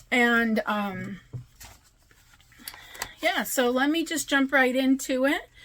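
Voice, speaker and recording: Woman, fairly high voice, casual crochet vlog, rambling, self-correcting, tired. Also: a bit bright. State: tired, yawning. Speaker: crochet vlogger. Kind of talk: casual chat.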